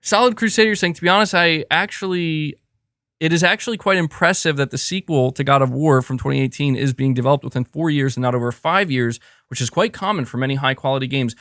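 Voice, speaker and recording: A man hosting a live reaction stream. He reads out viewer messages and talks in quick restarts. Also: on the high side, fairly bright tone, no room sound, studio quality. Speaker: livestream host.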